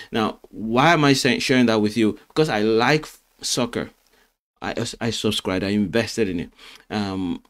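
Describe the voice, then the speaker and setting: A middle-aged man giving an earnest Christian talk on marriage as a coach, often repeating himself and restarting his sentences. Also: mid-range voice. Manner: earnest, repeats words, many fillers and restarts.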